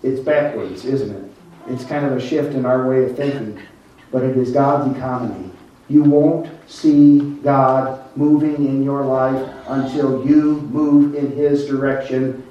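An older man preaching a sermon as a pastor, calling on the congregation and slowing down to stress his points. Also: mid-range voice, warm tone. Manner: preaching, calls on the congregation, slows down for emphasis. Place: church. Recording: echoey church hall, mic far off, dull.

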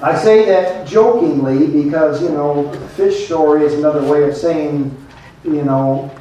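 A man's voice: on the high side, unhurried, dark tone, slight background noise. Folksy preacher man in an echoey church. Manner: folksy, conversational preaching with asides. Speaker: pastor. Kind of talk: sermon. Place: church sanctuary. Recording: echoey church from a distant mic.

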